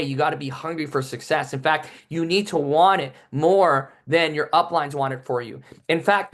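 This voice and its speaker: A man giving a motivational training talk to his sales team, energetic and tagging his points with "right?". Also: fairly high pitch.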